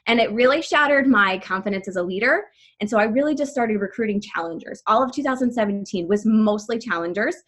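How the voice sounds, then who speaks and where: A woman in her thirties leading a team call, telling a personal story quickly and breathlessly, full of "like" fillers, her voice shaking with emotion. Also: on the high side, fairly bright tone. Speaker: team leader speaking to her coaching team.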